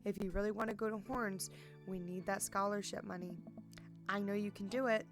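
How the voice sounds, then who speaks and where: Woman reading as a soft-hearted dad. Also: medium pitch, steady tone, brisk, music in the background, natural voice. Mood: earnest. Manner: gentle, earnest. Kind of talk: reading game dialogue aloud.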